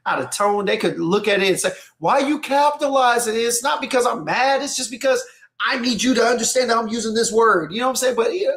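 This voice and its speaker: A man with a fairly high voice talks loosely on a casual podcast, his speech rambling and circling back on itself. He keeps checking in with his listener as he goes. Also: fast talker, fairly bright tone. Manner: loose, repeats "you know what I'm saying". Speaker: co-host. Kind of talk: casual chat.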